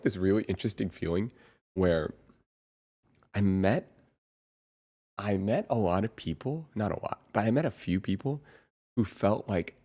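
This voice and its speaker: A young man streaming from home, chatting casually in a rambling, halting way with lots of ums and laughs. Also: deep voice, a little mellow. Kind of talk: casual chat reading chat.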